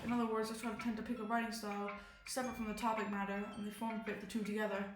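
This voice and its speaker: A shy, bookish young woman who explains her ideas at length in a soft, careful way, as a woman reads her lines from a visual novel. The room around the voice sounds roomy, and light game music runs faintly underneath. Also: medium pitch, level tone, rapid-fire, close to an everyday voice. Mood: thoughtful. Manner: soft-spoken, thoughtful, long explanations. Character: shy, articulate young woman in a literature club. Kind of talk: reading a visual novel aloud.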